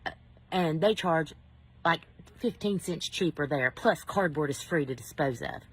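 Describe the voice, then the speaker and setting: A man's voice: fairly high pitch, lively intonation, unhurried, a bit bright, breathy edge, heavily acted. A woman voicing a curt, unhelpful male dump attendant in a matter-of-fact tone.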